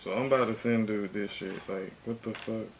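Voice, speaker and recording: A man's voice: lowish voice, fairly even intonation, fairly quick, noisy background. A young man ranting in frustration during a casual unboxing vlog, swearing and repeating himself. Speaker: vlogger.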